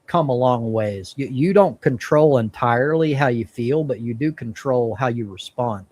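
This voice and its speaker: Guy hosting a stream, blunt and sweary, thinking out loud in casual chat. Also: medium pitch, moderate pace. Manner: blunt, profane, talks through his thinking. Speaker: stream host.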